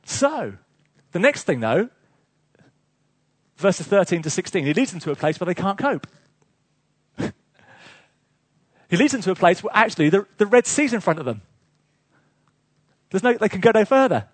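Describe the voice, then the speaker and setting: Male preacher, sermon; high husky voice, chatty storytelling with chuckles. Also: normal speed, pauses often, dry recording. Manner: lively storytelling with chuckles, asides to the congregation.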